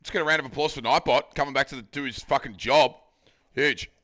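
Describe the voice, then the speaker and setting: Aussie male streamer, sharp bright voice, cooking at home, loose sweary banter with chat. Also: mid-range voice, quick pace. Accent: Australian. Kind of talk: casual live-stream chat while cooking. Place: home kitchen.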